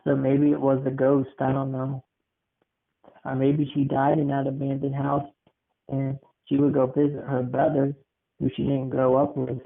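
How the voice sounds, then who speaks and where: A man's voice: mid-range voice, normal speed, creaky. A young man co-hosting a podcast with his grandmother, telling a spooky story and chatting casually with lots of fillers. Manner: relaxed, many fillers, dramatic "dun dun dun". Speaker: podcast co-host. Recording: tinny phone-like sound.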